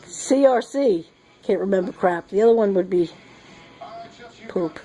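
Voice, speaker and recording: A woman's voice: mid-range voice, lively intonation, measured pace, long pauses, dark tone, rough recording. A middle-aged woman, sick and short of breath, rambling giddily and laughing in a casual monologue at home. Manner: giddy and rambling, laughing often. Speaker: vlogger. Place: sitting at home.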